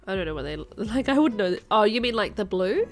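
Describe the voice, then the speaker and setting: A woman's voice: medium pitch, expressive, quick pace, soft background music. A woman streaming a guessing game, thinking aloud and chatting to her viewers. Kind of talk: live-stream gameplay chat.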